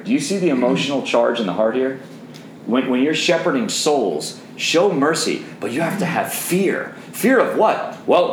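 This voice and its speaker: A middle-aged man leading a men's Bible study in an intense, zealous way, shifting between soft asides and forceful readings. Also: on the high side. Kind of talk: teaching a Bible study to a group of men. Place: roomy room with a seated group. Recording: roomy echo, faint background noise.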